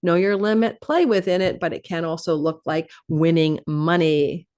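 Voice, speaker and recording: Woman astrologer host, rapid and animated delivery, stacks phrases into lists. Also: lowish voice. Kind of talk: fast-talking astrology forecast monologue.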